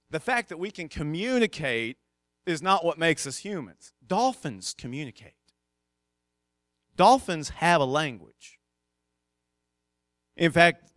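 A man's voice: fairly high pitch, a bit bright, clear, resonant tone, no echo, clean studio sound. Resonant-voiced male preacher. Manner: conversational, emphatic with asides. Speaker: pastor. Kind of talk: sermon.

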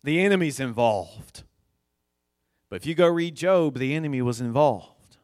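A man preaching a sermon, slow and deliberate, building to emphatic high points as he retells a scripture story. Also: lively intonation, darkish tone, no echo, studio quality.

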